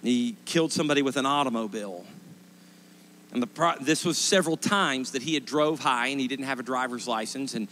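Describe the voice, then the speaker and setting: A man in his forties, a pastor preaching a sermon, telling stories emphatically and rising to loud impassioned pleas. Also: medium pitch, a little fast, slight background noise. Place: church sanctuary.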